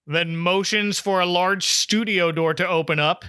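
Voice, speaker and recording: A male podcast host with a high, bright voice recaps a TV episode, chatty and laughing easily. He is recorded close and dry, with no room sound. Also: fairly even intonation, unhurried, smooth, no room sound. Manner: chatty, laughs often, quotes the scenes.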